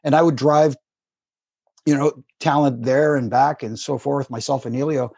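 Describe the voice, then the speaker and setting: Husky man telling stories. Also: mid-range voice, normal speed, no room sound, muffled recording. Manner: rambling, animated anecdotes with acted quotes. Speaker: guest, former wrestling referee. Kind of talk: casual storytelling.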